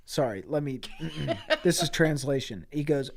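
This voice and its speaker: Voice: medium pitch, a little mellow. A podcast co-host telling an improvised crude comedy story, giggling often. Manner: crude, giggling, unhurried riffing.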